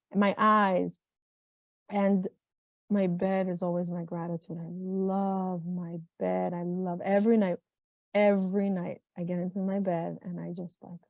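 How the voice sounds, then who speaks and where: A woman's voice: on the low side, creaky, dry recording. A middle-aged woman speaking as a guest in an interview, talking in an earnest, heartfelt way and often repeating and restarting her phrases. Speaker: guest, mental health consultant. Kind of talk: reflective interview conversation. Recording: dull, dry sound.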